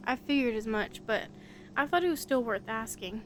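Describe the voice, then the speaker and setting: A woman's voice: fairly high pitch, expressive, moderate pace, slight background noise, close to an everyday voice. Earnest inquisitive game sleuth, voiced by a woman. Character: polite young investigator searching for someone. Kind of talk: voice-acting a visual novel.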